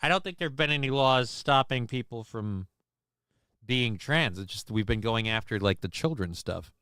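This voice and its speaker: Man, livestream host, bright crisp voice, dry close sound, crude mocking banter. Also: mid-range voice, expressive, moderate pace, no echo. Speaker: show host. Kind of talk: casual livestream chat.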